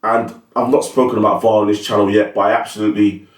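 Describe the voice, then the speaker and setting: A man's voice: lowish voice, level tone, quick pace. A man giving blunt, opinionated, slangy football commentary as host of his own channel. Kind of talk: casual solo commentary. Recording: roomy, mic at a distance.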